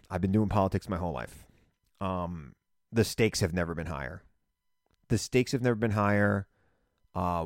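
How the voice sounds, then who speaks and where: Middle-aged male commentator, low-pitched, emphatic and animated, dry booth sound. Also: no echo. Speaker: radio and TV political commentator. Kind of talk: political monologue.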